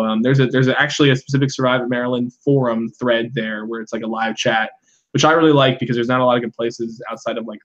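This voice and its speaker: A man's voice: medium pitch, highs cut off. A man hosting a live fan recap over a video call, rambling casually with lots of ums and uhs. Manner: rambling, full of ums and uhs, laughs a lot. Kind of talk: casual live-stream chat.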